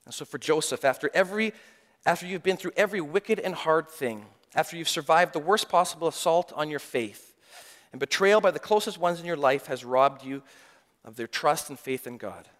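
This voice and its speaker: A middle-aged male pastor preaches a sermon with a somewhat high voice. He moves from loud, lively stretches to hushed, near-quiet admissions. The long reverb of a church sanctuary trails after his words. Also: normal speed. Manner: swings between loud animated mock-confidence and hushed, quiet confession.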